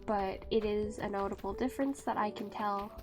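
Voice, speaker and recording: A woman streaming a game and chatting with her viewers, speaking softly and rambling. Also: medium pitch, fairly even intonation, moderate pace, music in the background. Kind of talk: casual live-stream chat.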